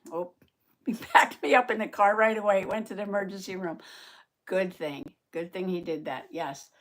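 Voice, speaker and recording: A woman hosting a casual live-stream chat, short of voice and out of breath, chatty and quick to laugh as she greets viewers by name. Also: mid-range voice, steady tone.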